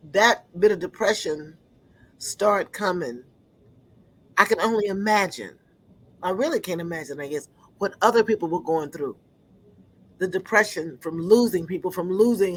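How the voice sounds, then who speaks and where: A woman's voice: fairly low pitch, a bit bright, low-quality recording. Earnest woman telling a personal story. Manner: earnest, halting, often searching for words. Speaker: speaker giving a personal testimony. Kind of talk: personal testimony talk.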